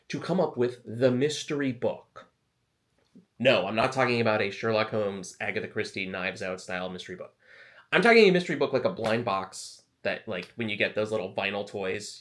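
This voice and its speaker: A man's voice: mid-range voice, sing-song, normal speed. A man talking casually to camera as an author giving advice, chatty and self-deprecating, wandering into asides. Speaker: author and video host.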